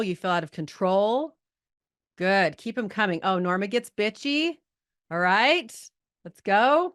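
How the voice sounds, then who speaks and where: A woman's voice: mid-range voice, a bit bright. A middle-aged woman leading a live coaching call, chatty and filled with likes and rights as she talks straight to her group. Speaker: business coach.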